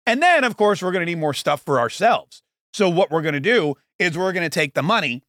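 A man in his forties hosts a casual political podcast with a slightly high voice. He rambles sarcastically and throws in mocking asides. The sound is close and dry. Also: animated, fairly quick, a bit bright, no echo. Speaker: podcast host.

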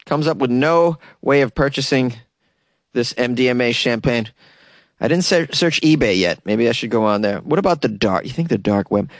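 A man's voice: mid-range voice, a bit bright, dry recording, clean studio sound. Man riffing sarcastically on odd news. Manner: sarcastic, riffing, laughs at own jokes. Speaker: comedy news host. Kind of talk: sarcastic comedic news commentary.

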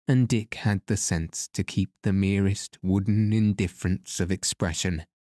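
A male audiobook narrator reading a classic novel in a measured, deliberate way. His voice sits very low and moves slowly, and the recording is dry and close to the mic. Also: darkish tone, no room sound.

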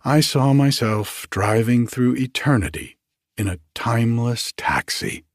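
A man's voice: medium pitch, a little slow, dry recording, studio quality, natural voice. A man doing a plaintive nervous young man. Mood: plaintive dreamy.

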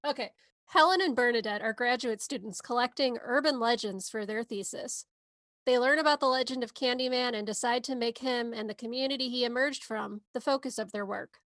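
A woman's voice: on the high side, a little fast, a bit bright, no room sound. A woman podcast co-host giving a movie synopsis in a casual, sarcastic way. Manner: sarcastic, wry asides.

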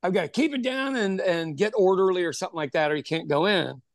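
A man who owns a pub, telling an animated story in casual chat, acting out what people said and swearing freely. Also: high voice, fast, no room sound, clean studio sound. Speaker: podcast host telling a story; pub owner.

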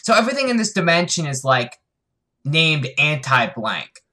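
A man's voice: on the high side, sing-song, normal speed, sharp tone. A man co-hosting a podcast, chatting casually and cracking jokes with some swearing. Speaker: podcast co-host. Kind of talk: casual chat.

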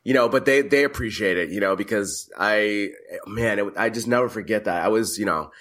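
A man co-hosting a casual sports podcast, telling a lively story with frequent restarts and fillers. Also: lowish voice, brisk. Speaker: podcast co-host. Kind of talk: casual chat. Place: lives in Madrid.

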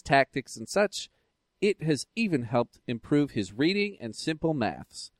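A man's voice: mid-range voice, darkish tone, dry recording, studio quality, lightly acted. A man reading out a listener's email, playing a cheerful Australian geek dad in a put-on Australian accent. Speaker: listener email read aloud.

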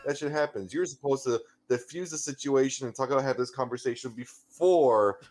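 A man's voice: mid-range voice, brisk, darkish tone. A man co-hosting a podcast, chatting casually, teasing his partner bluntly and swearing freely. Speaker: podcast co-host. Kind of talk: casual chat.

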